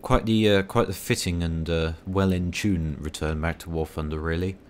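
A man's voice: low-pitched, fairly even intonation, normal speed. A man giving rambling, self-mocking commentary while playing a tank game, full of dry asides. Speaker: gaming video creator.

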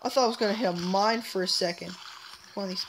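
A woman's voice: medium pitch, fast, slight background noise, rough recording. A woman giving casual, playful let's-play commentary as she plays, chatting to herself and taunting enemies in a mock-villain way. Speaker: gameplay commentator.

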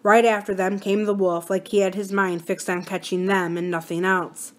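A woman reads a novel aloud for a library series, with a mid-pitched voice. She reads expressively, slowing down for the sad passages. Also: flat delivery. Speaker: library story reader. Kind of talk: storybook read-aloud.

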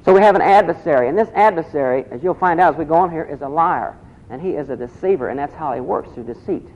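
A man's voice: on the high side, animated, quick pace, darkish tone. A man preaching a sermon, asking the congregation questions and repeating key phrases. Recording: dull lo-fi recording.

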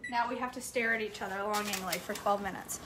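A woman's voice: medium pitch, fast, noisy background. A woman hosting a casual live cooking chat in her home kitchen, laughing often and reading viewer comments aloud. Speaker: cooking vlog host.

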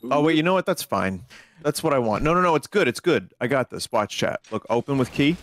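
A man in his thirties live-streaming a game, talking to his chat in excitable bursts. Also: medium pitch, fairly quick.

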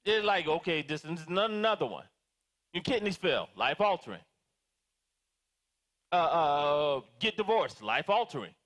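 A man preaching a sermon as pastor, animated and calling out to his congregation for responses. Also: a little high, measured pace, long pauses. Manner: animated, dramatizing prayers in different voices.

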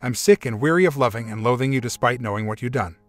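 A man's voice: mid-range voice, fast, soft background music, close to an everyday voice. A man reading as a bitter, hurt husband. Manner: bitter, weary confession. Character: hurt middle-aged husband confronting ex-wife.

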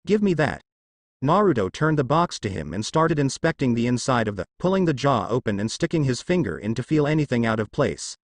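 A man narrating a fan fiction story in an expressive reading style. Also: medium pitch, brisk, few pauses, dry recording.

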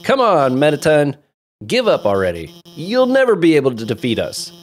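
A man's voice: on the high side, huge pitch swings, normal speed. A man voicing a female lizard scientist from a video game, brash and defiant.

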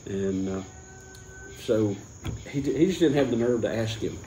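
A man's voice: on the low side, expressive, normal speed, mellow, roomy sound, a little hiss or hum, low-quality recording. A man hosting a casual beer tasting, rambling through a drinking joke with lots of restarts. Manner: rambling, full of restarts and chuckles. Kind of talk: casual chat, telling a joke.

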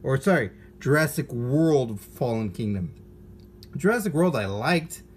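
A man's voice: medium pitch, expressive, a little slow, slight background noise. A man hosting a toy unboxing, chatting casually with playful jokes and asides. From United States.

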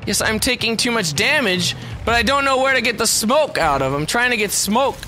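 A young man doing let's play commentary, excitable and swearing, shouting at enemies as he plays. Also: extremely high pitch, normal speed, slight background noise. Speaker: gameplay commentator. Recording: game music behind.

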